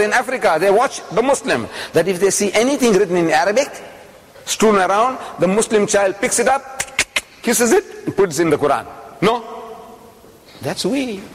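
A man's voice: high-pitched, animated, moderate pace, in a large hall. An older man giving a religious lecture to a live audience, telling a story and often putting questions to his listeners.

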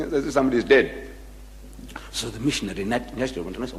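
A man's voice: mid-range voice, fast talker, long pauses. A man giving an anecdotal public lecture, acting out the voices in his stories. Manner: animated storyteller, acts out the voices. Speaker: public speaker. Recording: long hall reverb.

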